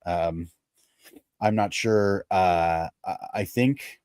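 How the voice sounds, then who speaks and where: A man's voice: sits low, very slow, a little mellow, clear, resonant tone, no echo. A man co-hosting a faith podcast, talking earnestly about upcoming episodes, with frequent fillers. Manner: earnest, thoughtful, with many fillers and laughs. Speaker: podcast co-host. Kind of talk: casual chat and show announcements.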